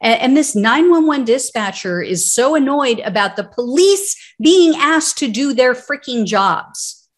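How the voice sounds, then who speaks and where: A woman's voice: high-pitched, animated, unhurried. A woman commenting on political news, reading out court records and breaking into sarcastic, indignant asides.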